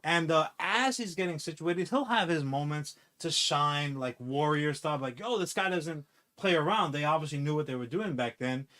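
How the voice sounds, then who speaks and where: A man chatting casually on a podcast, rambling and swearing as he pitches a movie idea with acted-out quotes. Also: normal speed, few pauses. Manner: rambling, profane, animated storytelling with acted-out quotes. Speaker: podcast co-host. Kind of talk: casual comic-book podcast chat.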